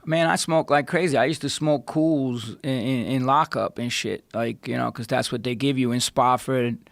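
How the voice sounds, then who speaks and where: Profane New storyteller. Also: male voice, medium pitch, normal speed, vocal fry, dry recording. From New York. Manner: profane, animated, swings his voice up for quotes. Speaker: podcast guest. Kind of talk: casual storytelling. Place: podcast studio.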